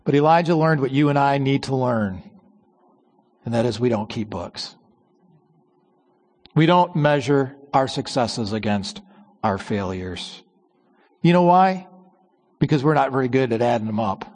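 A man preaching a sermon with strong emphasis, slowing on key words and dropping to a low hush at the ends of phrases. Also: animated. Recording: long church reverb.

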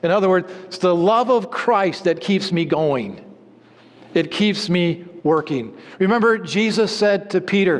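A man preaching a sermon, telling an illustrative story and dropping to low, quiet emphasis on key words. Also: unhurried, in a large hall.

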